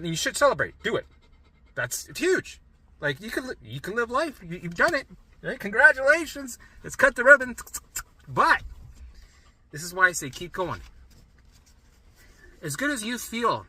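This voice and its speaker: A man's voice: medium pitch, sharp tone. A middle-aged man coaching listeners on recovery in an emphatic monologue, often tagging sentences with "right?" and swearing casually. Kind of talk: motivational monologue.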